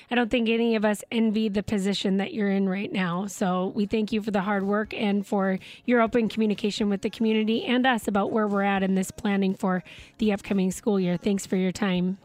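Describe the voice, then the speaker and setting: A woman's voice: mid-range voice, level tone, fairly quick, darkish tone, dry recording. A woman radio host thanking her guest courteously and appreciatively at the close of an interview.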